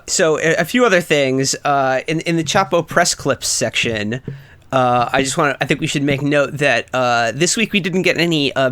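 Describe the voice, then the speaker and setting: New york guy on a podcast, smooth voice, dead dry mic, lots of ums and restarts. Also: medium pitch, bright, forceful tone, no room sound. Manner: rambling, lots of fillers and restarts. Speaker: podcast co-host. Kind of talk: casual comedic chat.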